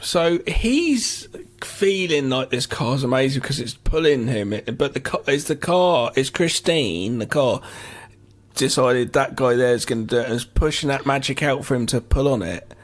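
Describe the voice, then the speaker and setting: A man's voice: medium pitch, lively intonation, normal speed. A man co-hosting a podcast, making incredulous, jokey and sweary remarks about a film. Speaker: podcast co-host. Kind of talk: casual film banter.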